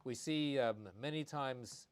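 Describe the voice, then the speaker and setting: A man's voice: mid-range voice, fairly even intonation, measured pace, smooth. Folksy male veterinarian on a livestream. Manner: folksy and conversational, repeats key phrases. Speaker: veterinarian host. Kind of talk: live-stream health talk.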